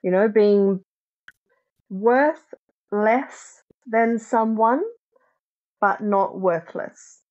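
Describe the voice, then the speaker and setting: A woman speaking as a podcast guest, reflective and thoughtful, often pausing to search for the right words. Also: mid-range voice. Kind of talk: reflective conversational discussion. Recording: dull lo-fi sound.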